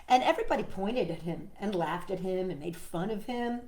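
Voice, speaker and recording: A woman hosting a children's storytime, reading a picture book aloud in a gentle, expressive way and chatting to a puppet. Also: mid-range voice, fairly quick, hardly any pauses. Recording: roomy echo, faint music.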